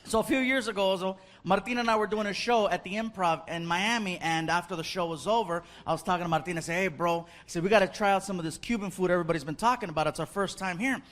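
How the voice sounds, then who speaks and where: A man doing stand-up comedy, telling stories in an animated way and acting out characters with quick bursts of Spanish. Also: sits high. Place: comedy club stage. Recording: loud live crowd and noise.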